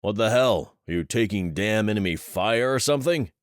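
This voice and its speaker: A man's voice: low voice, normal speed, a little mellow, clean tone, dry recording, studio quality, close to an everyday voice. A man voicing a brash, callous billionaire in command, blunt and cursing. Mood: brusque.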